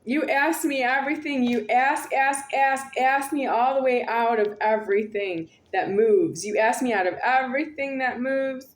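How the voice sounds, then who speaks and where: A woman's voice: high-pitched, moderate pace, hardly any pauses. Rambling woman in a roomy echo. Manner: repetitive, circling, insistent phrasing. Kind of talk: rambling monologue to camera.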